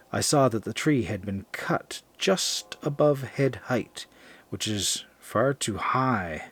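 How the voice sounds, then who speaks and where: A man narrating a first-person horror story in a measured, confessional way. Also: lowish voice, breathy edge.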